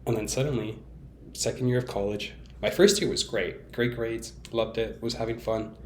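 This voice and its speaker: In a long, candid vlog monologue, a young man in his young adult years rambles along, using fillers, restarting thoughts, and teasing himself. He speaks at a moderate pace in a mid-range, darkish voice with fairly even intonation, and a slight hiss or hum is audible.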